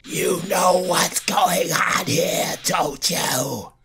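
A man voicing a cruel, gloating male flower in a video game, speaking in slow, drawn-out menace. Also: high voice, music in the background, exaggerated voice. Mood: menacing.

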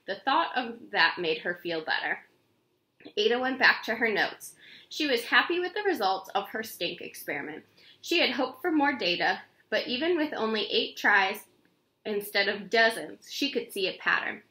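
A woman reads a children's chapter book aloud with plenty of expression. Her voice is bright and rather high, and it swings up and down animatedly from line to line. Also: animated, moderate pace, reverberant.

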